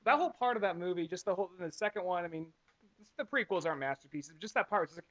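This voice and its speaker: A man's voice: high voice, expressive, racing, a bit bright, muffled recording. A young man co-hosting a comedy podcast, rambling with hesitant restarts between silly bits. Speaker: podcast co-host. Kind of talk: casual comedic chat.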